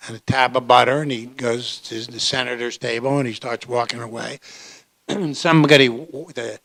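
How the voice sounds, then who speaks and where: A man on a labor panel speaking deliberately, often clearing his throat as he tells a story. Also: medium pitch, fairly even intonation, fairly bright tone, dry recording.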